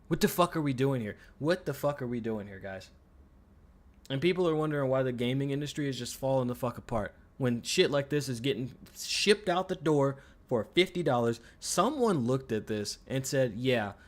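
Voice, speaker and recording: A man streaming a video game, ranting in frustration with lots of swearing and restarted sentences. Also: mid-range voice. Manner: exasperated ranting, heavy swearing; repeats himself, trailing restarts. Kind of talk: live gameplay commentary.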